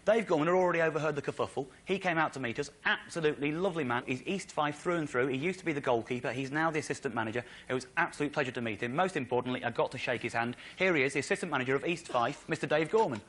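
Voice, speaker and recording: An English man telling a story on stage as a stand-up comedian, excitable, with incredulous outbursts. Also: rapid-fire, hardly any pauses. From England. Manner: excitable, builds to incredulous high-pitched outbursts. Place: stage in front of a live audience.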